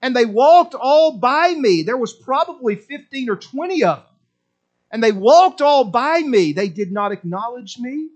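High-voiced passionate male preacher. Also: animated, a little slow. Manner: passionate, swinging from loud exclamations to low quiet asides; repetitive, emphatic preaching cadence. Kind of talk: sermon.

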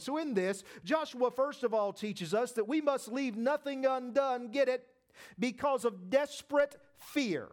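A man preaching a sermon, emphatic and repeating his phrases as he speaks straight to the congregation. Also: high-pitched. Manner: addresses the congregation directly. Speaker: pastor.

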